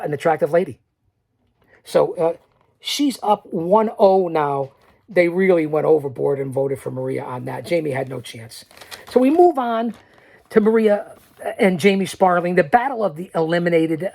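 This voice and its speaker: Husky-voiced, swaggering male podcast host. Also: a little mellow. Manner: boastful, swaggering recap with sudden drops to a low mutter; addresses listeners directly, urging them to stay. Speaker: podcast host reviewing a tournament. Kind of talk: solo recap commentary.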